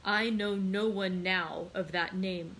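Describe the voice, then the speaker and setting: A woman's voice: medium pitch, slight background noise, low-quality recording. A woman doing a cold, vengeful count. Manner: calm, measured and icy.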